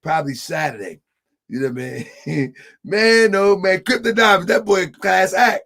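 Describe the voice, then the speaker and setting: A man's voice: high voice, normal speed, vocal fry, fairly bright tone. A man hosting an online show, talking casually to viewers he calls family and laughing often. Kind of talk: casual livestream talk.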